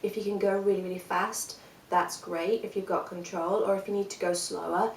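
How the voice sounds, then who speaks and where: A woman teaching a singing workshop, talking the listener through breathing and vocal exercises in a calm, encouraging, step-by-step way. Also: medium pitch, brisk, echoey room, distant mic, slight background noise, low-quality recording.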